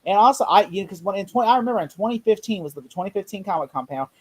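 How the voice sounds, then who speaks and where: A man chatting casually about a movie, excitable and quick to act out quotes. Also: high voice, slightly rough. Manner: fast, excitable, acts out quotes. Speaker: podcast co-host.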